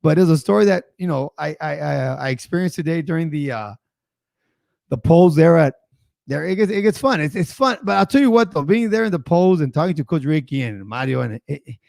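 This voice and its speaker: A man's voice: a little high, creaky, darkish tone, dry recording, studio quality. A man hosting a casual live show, telling stories in a chatty, rambling way. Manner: chatty storyteller, laughs often; rambling with filler asides. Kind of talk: casual livestream chat.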